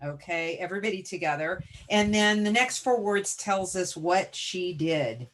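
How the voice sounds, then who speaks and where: A woman's voice: lowish voice, lively intonation, normal speed, slight background noise. A woman teacher leading a reading lesson over a video call, giving encouraging step-by-step prompts. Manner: encouraging, directive classroom prompts. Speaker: teacher presenting a reading webinar.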